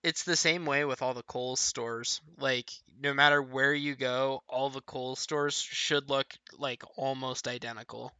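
A man in casual chat with friends, relaxed and joking. His voice is very bright and forceful, set in a middle pitch. The recording is dry and close. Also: unhurried, few pauses, clear, resonant tone, no room sound.

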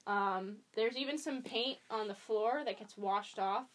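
A woman's voice: mid-range voice, a little slow. A young woman chatting casually as a podcast guest, rambling with many ums and likes. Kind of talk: casual chat.

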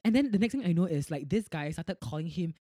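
A young man with a Singaporean English accent, hosting a podcast and telling a work story in a profane, animated way, acting out the people in it. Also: a little high, quick pace, no echo, clean studio sound. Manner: animated, profane, acts out callers in quoted voices. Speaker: podcast host. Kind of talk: casual storytelling chat.

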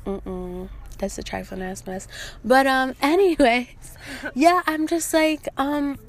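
Young woman, podcast host, casual chat, swears a lot, animated storyteller, slightly high voice. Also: measured pace. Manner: profane, animated storytelling with quoted back-and-forth.

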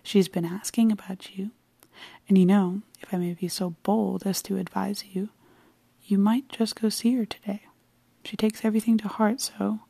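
A dry, bantering official husband who counts out every word, as a woman reads him. The voice is dark and gravelly with a flat, even delivery. The sound is close and dry. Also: medium pitch, moderate pace, dry recording. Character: cold, formal middle-aged husband, a government official.

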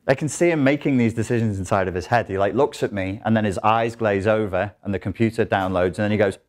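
Man, low voice, lecture room talk to a crowd, animated delivery, acts out little voices. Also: fairly quick. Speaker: speaker giving a talk. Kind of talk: live lecture to an audience. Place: lecture room in an academic institution.

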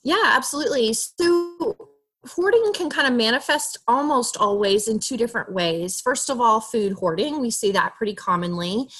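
A woman with a bright, forceful voice explains therapeutic parenting in a relaxed podcast interview. She talks expressively and slips into a soft, gentle tone when she acts out what a parent might say to a child. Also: on the high side, moderate pace, breathy edge. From Alabama, USA. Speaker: guest therapist.

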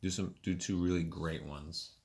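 Very deep-voiced joking man. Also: steady tone, vocal fry, darkish tone. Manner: joking, quick banter. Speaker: podcast co-host. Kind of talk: casual chat. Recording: noisy background hiss.

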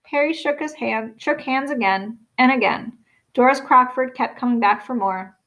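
A woman reading a storybook aloud in a steady, expressive narration. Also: high-pitched, normal speed, dull audio. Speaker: audiobook reader.

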